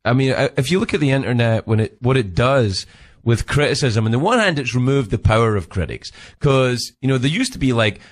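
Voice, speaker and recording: A man's voice: medium pitch, expressive, brisk. A middle-aged Scottish man chatting casually with a fellow comic, laughing often and swearing freely. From Scotland. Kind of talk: casual chat between comedians.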